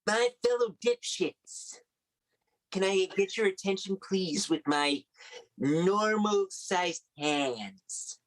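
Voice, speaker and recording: A man performing short-form improv comedy, jumping playfully into quick character bits. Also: high-pitched, lively intonation, rough recording.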